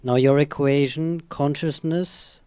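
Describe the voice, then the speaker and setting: A man's voice: a little high, fairly even intonation, slow pace, mellow, smooth, no room sound. A man in the audience carefully laying out a philosophical question. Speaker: audience member asking a question.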